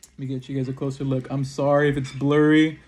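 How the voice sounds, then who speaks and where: A man giving casual unboxing commentary as he opens trading card packs, reading off cards one by one and breaking into excited exclamations and quick apologies. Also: medium pitch. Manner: names cards one after another, bursts into excited exclamations, apologizes often. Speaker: trading card pack opener.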